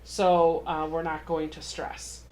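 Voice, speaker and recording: A woman's voice: sits low, level tone, takes it slowly, mellow, a little hiss or hum. A young adult woman hosting a casual home sewing tutorial, chatty and self-deprecating as she walks through each step. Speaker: quilting channel host.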